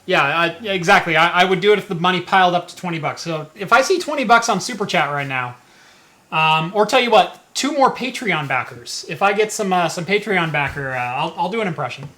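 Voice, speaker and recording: A man's voice: high voice, lively intonation, a little fast, pushed and bright. A man hosting a casual live stream, chatting loosely, tripping over his words and asking viewers for donations. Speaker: host.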